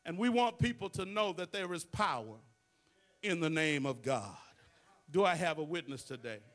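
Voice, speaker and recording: A man's voice: on the high side, lively intonation, moderate pace, fairly bright tone. A male pastor, preaching to his congregation with call-and-response asides. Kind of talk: sermon. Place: church sanctuary.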